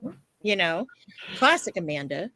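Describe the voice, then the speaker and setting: A woman co-hosting a podcast, telling a story in a lively way, acting out what she and others said, and swearing freely. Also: fairly low pitch, normal speed, dry recording. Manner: animated storytelling, acts out quotes, swears freely. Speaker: podcast co-host. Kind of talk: casual chat.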